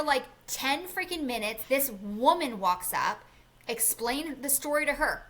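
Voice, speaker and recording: Animated woman telling a story. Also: sits high, moderate pace. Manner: animated, acts out the people in her story, swears. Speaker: podcast co-host. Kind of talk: casual storytelling chat.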